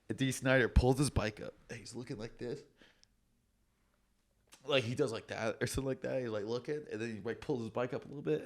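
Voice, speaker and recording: Gravelly-voiced man rambling casually. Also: fairly low pitch. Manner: rambling storyteller, swears a lot. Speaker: podcast co-host. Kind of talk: casual chat.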